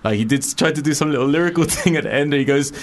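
A man in a casual podcast chat, slangy and quick to laugh. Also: fairly high pitch.

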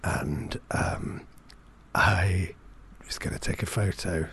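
A man's voice: low voice, steady tone, takes it slowly, a bit bright, slight background noise. A man, telling a rambling, self-deprecating story in casual chat, full of fillers and restarts. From England.

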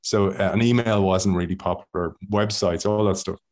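A man with an Irish accent, a podcast guest telling stories from his career in a casual, animated way. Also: low-pitched, moderate pace. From Ireland. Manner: animated storyteller, laughs often and acts out other people's voices. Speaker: podcast guest, former rugby player. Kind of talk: casual storytelling.

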